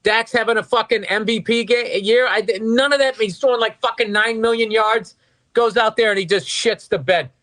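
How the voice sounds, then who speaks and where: A man with a fairly high voice chats casually about football. He rants in bursts and peppers his talk with profanity and sarcasm. He works as a podcast co-host. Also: normal speed, sharp tone. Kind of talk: casual sports chat.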